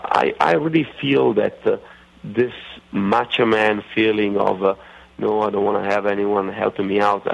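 A middle-aged man with an Italian accent, talking as a guest in a radio interview, halting and full of fillers and restarts. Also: medium pitch, vocal fry. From Italy. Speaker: racing driver guest. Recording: muffled lo-fi radio sound.

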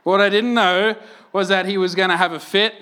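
A man's voice: high voice, steady tone, a little fast, pushed and bright, clean tone. A young adult Australian man preaching a sermon in a conversational, self-mocking storytelling way, often asking "right?". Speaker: pastor.

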